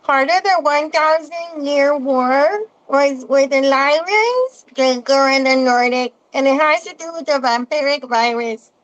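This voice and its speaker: A woman putting on a high cooing baby voice. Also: muffled recording. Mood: sing-song. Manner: slow, sing-song and high. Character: cooing babyish girl voice used for animals.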